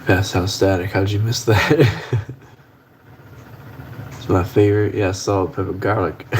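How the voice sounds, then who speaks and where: Young man with a lowish voice, laid-back livestream host rambling from his kitchen stove, casual swearing, faint background hum. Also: fairly even intonation, slow, darkish tone.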